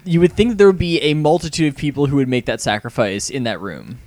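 A man co-hosting a podcast, talking quickly about movie details. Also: medium pitch, expressive, a little mellow, no room sound. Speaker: podcast co-host. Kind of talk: casual movie-review chat.

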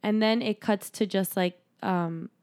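A woman's voice: medium pitch, steady tone, unhurried, a little mellow. A young woman casually recapping a horror movie with a co-host, chatty, laughing often and swearing freely. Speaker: podcast co-host.

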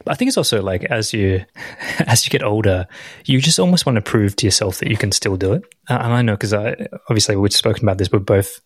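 Man in his thirties, low voice, casual podcast chat. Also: fairly quick, slightly rough, no echo, studio quality. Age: 30s. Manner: rambling, with frequent fillers and laughs. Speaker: podcast co-host.

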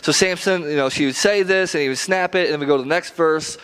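A man's voice: on the high side, fast talker, a bit bright, clear, resonant tone. A male preacher giving a casual sermon, conversational, with rhetorical questions and slangy asides.

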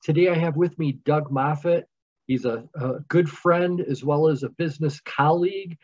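A podcast host in a casual interview asks long, rambling questions, restarting as he goes. His voice is a little high at a normal speed, heard over music, and the lo-fi recording sounds dull.

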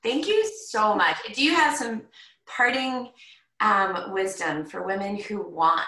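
A woman hosting a podcast interview who talks in a chatty, animated way and fills her speech with "like.". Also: mid-range voice, measured pace, recorded from a distance. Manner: chatty, animated storyteller with frequent "like". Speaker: podcast host. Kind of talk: casual conversational interview. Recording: roomy echo, set back from the mic.

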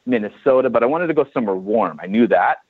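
A man's voice: mid-range voice, animated, quick pace, breathy edge, no echo. A man in his forties from California, a chiropractor guest telling a story in a casual interview and acting out the dialogue. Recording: tinny phone-like dry line.

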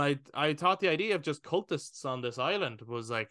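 A man with a bright, forceful voice chatting casually as a podcast co-host. He acts out what he was thinking as he goes, with swearing and laughter. The recording is dry and close. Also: fairly high pitch, expressive, moderate pace, few pauses, dry recording. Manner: acts out his own thoughts, swears, laughs. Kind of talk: casual chat.

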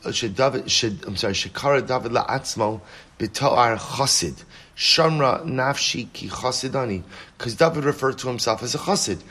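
A man giving a Torah study lesson, reading passages in Hebrew and explaining them in English with many questions and repeated words. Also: medium pitch. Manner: restarts and repeats words when excited. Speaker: Torah teacher.

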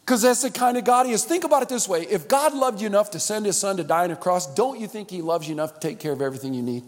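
A male pastor preaching a sermon, calling on the church to repeat after him and swinging between loud and hushed. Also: high-pitched, expressive, quick pace. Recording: long hall reverb.

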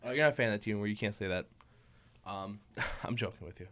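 A man's voice: on the low side, quick pace, fairly bright tone, a little hiss or hum. A young man co-hosting a podcast, teasing and crude in laid-back casual chat. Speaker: podcast co-host.

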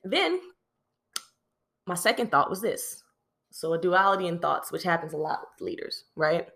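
Animated woman telling a work story with lilt. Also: fairly low pitch, moderate pace. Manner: animated, addresses listeners as "you all" and "y'all"; frequent fillers and repeated phrases. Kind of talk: casual storytelling to viewers.

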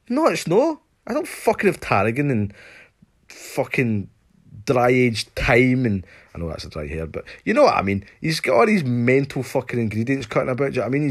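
Sweary Scottish man ranting. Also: mid-range voice. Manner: sweary, sarcastic, mocking voices. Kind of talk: casual ranting monologue.

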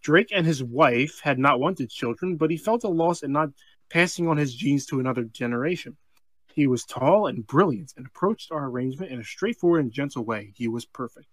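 A man co-hosting a comedy podcast, reading a strange story aloud, breaking off for deadpan asides and laughing mid-sentence. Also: medium pitch, brisk, no room sound. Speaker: podcast co-host.

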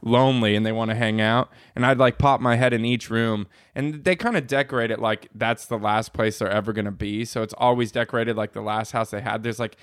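A man's voice: on the low side, fairly even intonation, a little fast, few pauses, smooth, no echo, clean studio sound. A man hosting a casual podcast chat, telling a story with frequent laughs and casual swearing. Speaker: podcast host.

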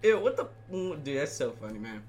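A young man co-hosting a casual chat, excitable, swearing often and laughing a lot. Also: medium pitch, a little fast, a little hiss or hum.

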